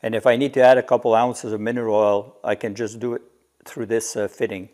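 A man's voice: lowish voice, little pitch movement, brisk, darkish tone. A man casually showing and explaining his homemade workshop gadget, walking through the technical details step by step. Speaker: DIY maker. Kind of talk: casual workshop show-and-tell.

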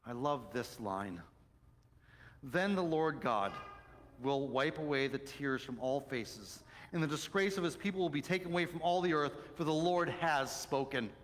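Animated pastor preaching in a reverberant church. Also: male voice, on the high side, moderate pace. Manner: animated storytelling, swings from loud excitement to soft hushed tones. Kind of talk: sermon. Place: church sanctuary.

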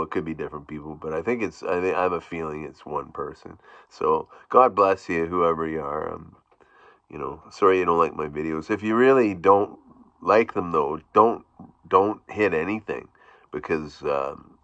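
Low-voiced man rambling in a vlog. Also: sharp tone, dry recording. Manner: rambling, halting, with frequent restarts and chuckles. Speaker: YouTube vlogger. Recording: dull, dry, lo-fi sound.

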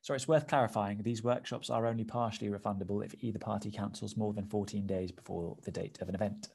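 A man's voice: fairly low pitch, steady tone, fast, darkish tone. A man performing a theatre piece, speaking in a slick corporate presenter's voice. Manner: smooth corporate presenter patter. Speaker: stage actor performing a solo play. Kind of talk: theatrical monologue.

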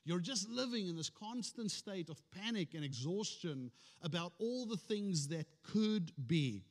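Man, pastor, sermon, high voice, conversational storytelling, long church reverb. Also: lively intonation, a little slow. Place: church sanctuary.

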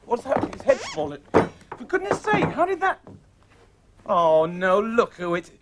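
A man's voice: extremely high pitch, huge pitch swings, measured pace, heavy background noise. Playful man chatting to puppets. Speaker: puppeteer host. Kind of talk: children's TV puppet comedy.

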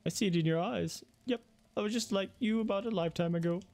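A man voicing a flamboyant middle-aged male builder salesman in a sing-song, smarmy sales pitch. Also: fast talker, a little mellow, soft background music.

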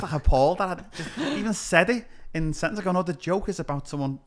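A man's voice: a little high, fast, few pauses, crowd noise. A comedian with a Scouse accent, chatting casually on a podcast and acting out exchanges as he tells stories. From Liverpool, England. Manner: animated storytelling, acting out exchanges.

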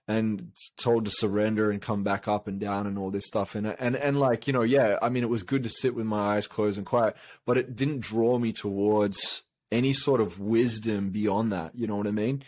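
A man's voice: on the low side, moderate pace, dry recording. A man from Australia, a coach, telling a long personal story in a casual interview, rambling with many fillers and restarts. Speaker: guest, coach.

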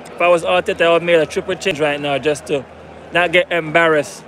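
A man's voice: on the high side, steady tone, quick pace. A man livestreaming a football match as a fan, repeating himself and hyping viewers to like and subscribe, from the stadium stands. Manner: repetitive, hyping, begs for likes. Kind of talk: live match commentary stream. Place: stadium stands among fans. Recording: loud crowd and outdoor noise. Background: stadium crowd.

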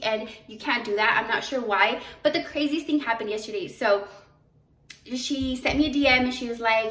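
A woman's voice: on the high side, brisk, distant mic. A young woman, a boutique owner, chatting casually to her vlog camera and telling stories with lots of fillers. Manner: chatty, animated storytelling with fillers. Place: her boutique store, indoors. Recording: echoey room, voice off-mic.

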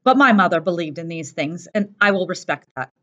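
A woman's voice: fairly low pitch, animated, fairly bright tone. A woman reading as a cold, proud young fighter. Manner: slow, clipped and cold. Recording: dull lo-fi recording.

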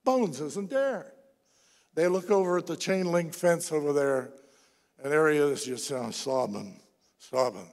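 Man, pastor, sermon, high voice, animated storytelling, long hall echo. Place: church sanctuary.

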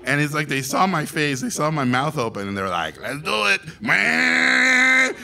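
A Mexican man, an animation director from Mexico, telling a story to an audience in an animated, theatrical way, with loud acted quotes. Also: mid-range voice, brisk, background noise. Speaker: animation director and festival guest speaker.

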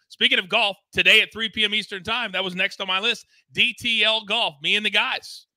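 A man's voice: high-pitched, fairly even intonation, fairly quick, few pauses, pushed and bright, dry recording. A man hosting a live sports betting show, talking in a hyped, teasing, promotional way. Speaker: host.

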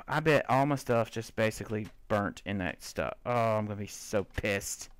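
A young man giving excitable, cursing gameplay commentary and talking to himself as he plays. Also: fairly low pitch, a little slow, clear, resonant tone, no room sound. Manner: excitable, swearing, talks to himself and the mobs. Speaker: let's player.

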